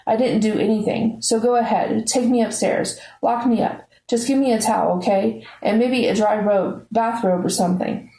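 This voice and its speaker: A woman reading as a quiet, easygoing teen boy. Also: sits high, steady tone, moderate pace, gravelly, hardly any pauses, echoey room, rough recording. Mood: calm. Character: calm, unbothered teenage boy under suspicion.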